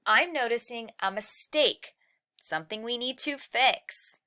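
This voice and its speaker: Animated, bright-voiced woman teacher. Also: on the high side. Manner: patient, explains step by step with rhetorical questions; stretches and slows key words for emphasis. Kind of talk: recorded lesson walkthrough.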